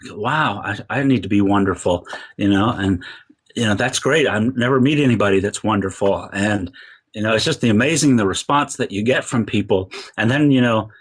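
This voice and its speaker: A man's voice: fairly low pitch, brisk, husky. A man as a podcast guest, talking earnestly and rambling with many fillers. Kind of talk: casual interview talk.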